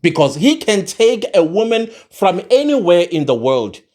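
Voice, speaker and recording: A man's voice: sits high, big pitch swings, moderate pace, a little mellow. A man, delivering an impassioned political commentary monologue, emphatic and repeating his points for force. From South Africa.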